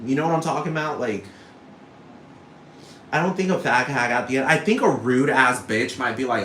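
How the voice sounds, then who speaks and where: A man's voice: mid-range voice, brisk, bright, forceful tone, a little hiss or hum. Rambling, profane man ranting alone. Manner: rambling, profane, keeps asking "you know what I'm talking about". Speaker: podcast host. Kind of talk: casual solo rant. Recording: echoey outdoor recording with crickets.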